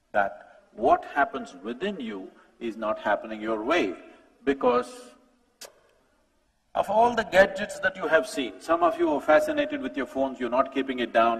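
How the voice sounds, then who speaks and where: A man gives a talk at a conference, speaking straight to the audience and firing off rhetorical questions. His voice is a little husky, pitched slightly high and swoops up and down. It carries through a big hall with a long reverb. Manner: animated, asks rhetorical questions, addresses the audience directly.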